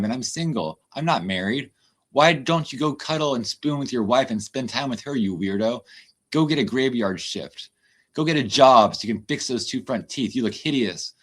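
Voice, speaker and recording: A man's voice: mid-range voice, slightly rough. A man ranting and swearing on a livestream, chatting loosely with his viewers. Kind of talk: livestream rant.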